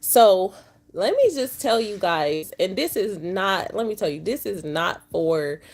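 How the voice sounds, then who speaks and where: A woman who drives trucks films a casual, emotional vlog right after waking up, distressed and speaking in an animated, medium-pitched voice. Her speech is slow and drawling, and she addresses viewers as y'all.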